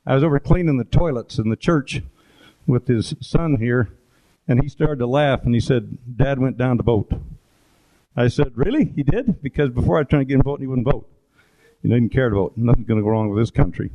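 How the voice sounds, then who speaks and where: A man's voice: mid-range voice, a little fast, warm tone. Rambling man giving an anecdotal talk. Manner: rambling, anecdotal, with fillers and asides. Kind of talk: informal presentation with photos. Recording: dull lo-fi recording.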